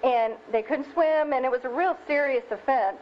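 A woman adding a personal story to a parenting talk, earnest and halting in long run-on sentences. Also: high voice. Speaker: co-presenter, speaker's wife. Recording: dull lo-fi recording with faint noise.

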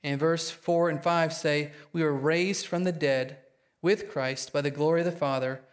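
A man preaching a sermon to his congregation, excitable and quick, often checking in with them. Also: fairly high pitch. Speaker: pastor.

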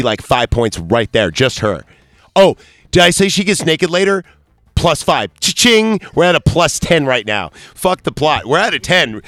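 A man's voice: medium pitch, a bit bright, no echo. Rambling, foul-mouthed male podcast host. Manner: rambling, profane, loose storytelling. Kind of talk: casual movie review chat.

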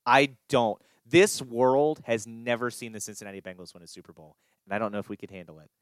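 A man co-hosting a sports podcast, rambling and animated with chuckles. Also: mid-range voice, fairly quick, smooth, dry recording. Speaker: podcast co-host. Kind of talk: casual sports chat.

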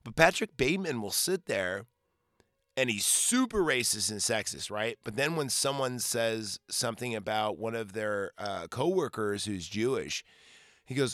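A man's voice: medium pitch, lively intonation, normal speed, a bit bright, dry recording, clean studio sound. A man hosting a podcast, casually recapping a film in a rambling, profane way with lots of fillers and restarts. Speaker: podcast host.

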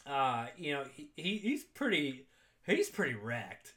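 A young man casually recapping a movie on a podcast, swearing a lot and laughing through animated retellings. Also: mid-range voice, measured pace. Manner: profane, laughing, animated retelling with quoted voices. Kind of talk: casual chat.

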